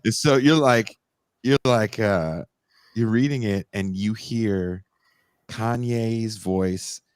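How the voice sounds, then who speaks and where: A male podcast host, joking and animated in casual conversation with guests. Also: fairly low pitch, slow, clear, resonant tone, dry recording.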